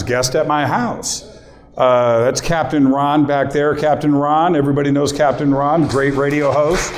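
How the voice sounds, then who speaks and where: A middle-aged male host talking casually and personally to a live audience, choked up and near tears, chatting with the crowd. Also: medium pitch. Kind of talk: casual emotional talk to a room.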